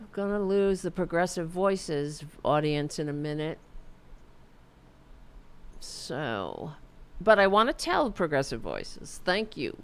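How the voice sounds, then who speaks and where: Slow-talking, blunt, sarcastic woman host. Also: lowish voice. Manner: blunt, sarcastic and profane, with hesitant restarts. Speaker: political commentary host. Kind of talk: casual political talk show commentary.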